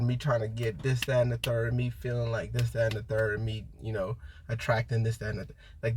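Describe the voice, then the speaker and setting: Husky young man rambling casually. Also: mid-range voice. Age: young adult. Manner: rambling, full of restarts and "you know", animated when quoting himself. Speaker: vlogger.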